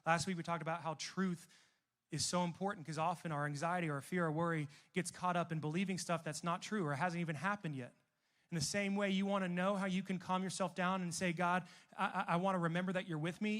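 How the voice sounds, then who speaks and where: A young man preaching a sermon as a youth pastor, telling stories and moving between emphatic and hushed delivery. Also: fairly high pitch. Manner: storytelling, shifts between loud emphatic and soft hushed.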